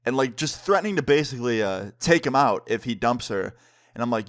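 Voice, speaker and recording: A man's voice: mid-range voice, expressive, fairly quick, no room sound, clean studio sound. A young man narrating a storytime vlog in a casual, slangy way, full of "like" and "dude", acting out both sides of each conversation. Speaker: vlogger.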